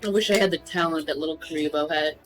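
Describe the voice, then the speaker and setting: A woman chatting casually with friends during a game, teasing and firing back quick questions. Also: sits low, faint music behind. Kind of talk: casual chat while playing.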